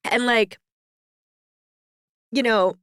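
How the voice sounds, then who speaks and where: A woman's voice: on the high side, fairly even intonation, drawn-out words, fairly bright tone, clean tone, no room sound, clean studio sound. A woman co-hosting a casual podcast, rambling with many fillers and laughing through tears. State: tearful, on the verge of crying. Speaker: podcast co-host. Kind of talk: casual chat.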